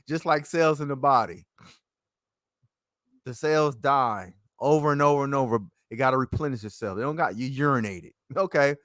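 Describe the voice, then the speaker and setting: A man in a rambling casual monologue, swinging between loud and soft. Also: mid-range voice, moderate pace, no room sound, clean studio sound.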